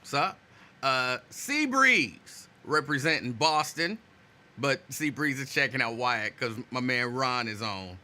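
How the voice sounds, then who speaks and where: A man hosting a casual live stream, greeting viewers by name and chatting loosely while saying his energy is low. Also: expressive, takes it slowly, sharp tone. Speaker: host.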